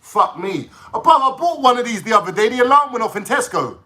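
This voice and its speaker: A man ranting casually on a livestream, swearing and talking in an excitable way. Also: extremely high pitch, brisk. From London.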